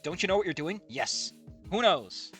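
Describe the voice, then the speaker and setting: Animated man ranting over a fan story. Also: high voice, normal speed, faint music behind. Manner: animated, ranting, swears, stammering restarts. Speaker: fan fiction reader and commentator. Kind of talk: reading fan fiction aloud with commentary.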